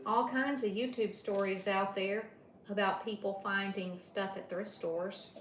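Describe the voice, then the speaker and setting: An older woman with a drawl talks to her viewers by name as she cooks. Her voice sits at an ordinary pitch, and her talk is easy and motherly. A faint hum of her home kitchen is heard behind her. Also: steady tone, unhurried, fairly bright tone. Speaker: livestream host. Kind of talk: casual cooking livestream chat.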